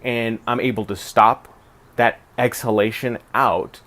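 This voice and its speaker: A man who works as a radio broadcaster and podcast producer, giving relaxed, conversational advice to camera with occasional restarts. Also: medium pitch, a little slow. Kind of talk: instructional talk to camera.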